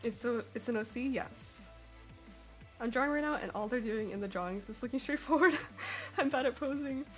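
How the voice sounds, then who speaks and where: A young woman with an American accent, chatting with her live-stream audience while she draws, bubbly and quick to laugh. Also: a little high, faint music behind. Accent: General American. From Sweden. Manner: bubbly, giggly, reads chat aloud. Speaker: artist streamer.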